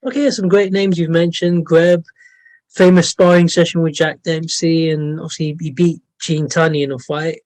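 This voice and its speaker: High-pitched man asking interview questions. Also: level tone, normal speed, a little mellow, rough recording. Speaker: interview host.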